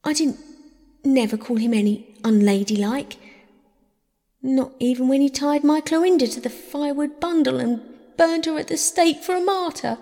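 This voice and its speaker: A woman's voice: high voice, normal speed, mellow, long reverb tail, voice pushed up. A woman doing a sniffly, indignant little girl. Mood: sobbing. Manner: sobbing, sniffly, prim. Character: squabbling young girl, tearful and indignant.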